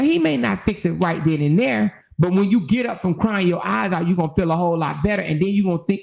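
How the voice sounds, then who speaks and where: Older woman host, gravelly voice with fry, conversational and preachy, builds to exhortation. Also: medium pitch, darkish tone. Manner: preachy, emphatic, rising into exhortation; conversational, full of "you know". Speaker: channel host. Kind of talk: casual livestream chat.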